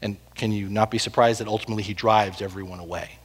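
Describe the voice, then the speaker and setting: A man preaching a sermon, telling the story with animated swings between loud and hushed delivery. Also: lowish voice, fast, slightly rough. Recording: long hall reverb.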